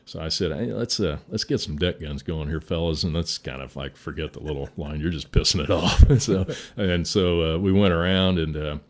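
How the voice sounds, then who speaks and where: A man's voice: extremely low pitch, normal speed, hardly any pauses. A man, a fire chief from the Midwest, telling a war story in a folksy way, swearing and chuckling now and then. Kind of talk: casual storytelling.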